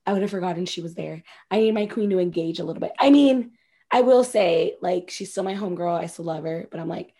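She has a mid-range voice and talks a little fast, co-hosting a podcast where she dishes on a reality show. It's casual, foul-mouthed gossip, full of lively impressions of what the cast members said.

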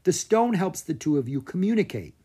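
A narrator voicing a quick-thinking young girl adventurer in a children's storybook, brisk and confident. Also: mid-range voice, big pitch swings, mellow, slightly rough, voice pushed up.

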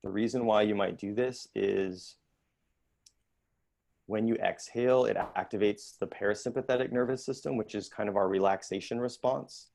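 Calm, measured male therapist teaching. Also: lowish voice, creaky. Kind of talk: online workshop talk.

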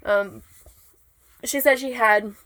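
Bright-voiced rambling woman podcaster. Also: a little high, slow pace, slight background noise, poor audio. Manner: rambling, swears casually, stumbles over words. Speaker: podcast co-host. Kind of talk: casual chat.

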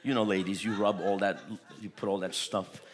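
A man's voice: lowish voice, fairly even intonation, moderate pace. A man preaching a charismatic sermon, repeating phrases, chuckling often and breaking into tongues. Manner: repetitive, chuckling, bursts into tongues.

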